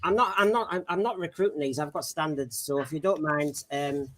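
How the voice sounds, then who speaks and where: Teasing high-voiced man. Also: brisk, very noisy. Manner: jokey, teasing, laughs often. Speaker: podcast host. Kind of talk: comic panel show chat.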